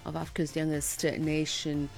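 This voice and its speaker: A woman's voice: low voice, completely flat delivery, normal speed, gravelly. A woman co-hosting a live morning radio show, conversational, sometimes trailing off mid-sentence. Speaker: radio news co-host. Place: radio studio.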